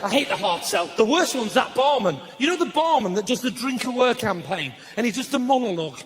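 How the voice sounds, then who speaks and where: A man doing stand-up comedy, ranting and slipping into shouted voices for his bits. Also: extremely high pitch, lively intonation, a little fast. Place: live comedy venue with audience laughter. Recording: noisy live stage recording.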